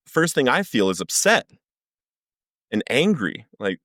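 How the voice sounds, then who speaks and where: A man's voice: medium pitch, very animated, measured pace, long pauses, bright, forceful tone, no echo, studio quality. A man, a podcast guest, giving an earnest personal recovery testimony as vivid storytelling that acts out the lines he quotes.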